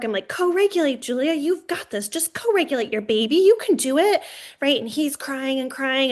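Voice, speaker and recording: Woman doing a webinar talk, chatty and animated, keeps asking "right?". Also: medium pitch. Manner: lively, addresses listeners directly with "right?" and "y'all". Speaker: webinar presenter on early childhood regulation. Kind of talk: conversational webinar presentation.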